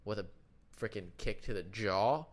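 A young man co-hosting a podcast, brash and animated in casual banter, swearing freely. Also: lowish voice, moderate pace. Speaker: podcast co-host.

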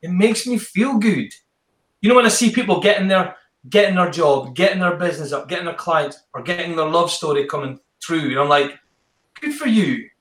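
A podcast host with a slightly high, brisk, somewhat bright voice chats casually with an interview guest, effusive and enthusiastic and often restarting his sentences. The recording is rough and sounds roomy.

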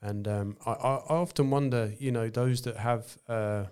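A man's voice: medium pitch, fairly even intonation, normal speed, darkish tone, smooth. A man hosting a faith podcast, speaking thoughtfully and hesitantly. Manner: thoughtful, hesitant with fillers and repeats. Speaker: podcast host. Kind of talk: casual conversation.

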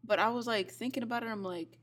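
A woman's voice: a little high, fast talker. A young woman co-hosting a casual podcast, chatting loosely and hedging often as she recalls things. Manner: chatty, hedging, unsure of her memories. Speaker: podcast co-host. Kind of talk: casual chat.

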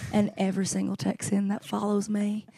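A woman's voice: mid-range voice, completely flat delivery, brisk, gravelly, mellow. A young woman hosting a podcast in casual chat. She is playful and giggly, and she keeps slipping into a joking Southern drawl. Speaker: podcast host.

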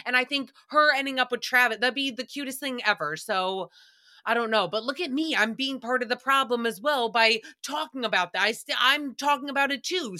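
Bright-voiced woman ranting casually. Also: fairly high pitch. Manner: profane, rambling, quick to laugh. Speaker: podcast host. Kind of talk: casual comedic recap.

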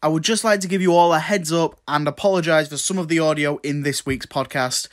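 A man's voice: on the high side, fairly quick, no room sound, studio quality. A young man hosting a podcast in a bubbly, giggly way, often restarting his sentences. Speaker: podcast host.

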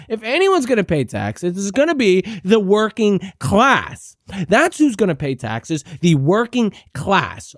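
Male podcast host, sarcastic profane rant, wildly swinging pitch, dry close sound. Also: no echo. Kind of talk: ranting reaction commentary.

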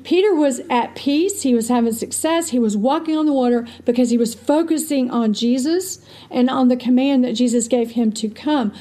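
A woman's voice: high voice, normal speed, dark tone. A woman co-hosting a faith podcast, speaking in an earnest teaching tone and quoting scripture. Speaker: podcast co-host.

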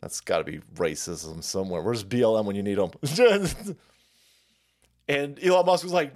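A man hosting a rambling political stream, loud, mocking and foul-mouthed, laughing often between lines. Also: on the high side, sing-song, normal speed. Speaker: streamer host.

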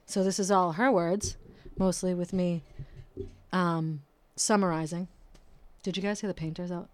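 A woman's voice: on the low side, fairly even intonation, a little slow, darkish tone. Swearing, rambling woman podcast host. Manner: swears often, rambling and self-mocking. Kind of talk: casual solo podcast rant. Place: home room, painters working outside. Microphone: close microphone.

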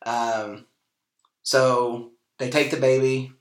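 A man in his forties from Kansas, hosting a podcast and telling a personal story in an animated, casual way with plenty of fillers. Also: mid-range voice, takes it slowly. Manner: animated storyteller, acts out quoted dialogue, frequent fillers. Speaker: podcast host. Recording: echoey room.

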